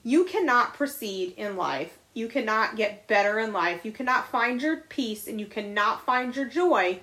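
Woman co-host, middle-aged, candid and blunt, swears casually, pitched a bit high. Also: expressive, measured pace, sharp tone. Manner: blunt and confessional, swears freely. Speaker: podcast co-host.

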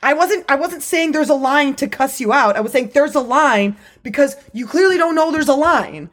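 A woman's voice: high-pitched, moderate pace. Blunt, foul-mouthed woman telling a story. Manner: blunt, profane, animated storytelling. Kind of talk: casual chat.

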